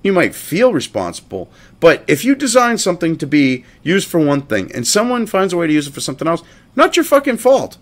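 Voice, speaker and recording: A man's voice: on the high side, huge pitch swings, a little fast. A man hosting a commentary show, ranting profanely and mocking a statement as he reads it aloud.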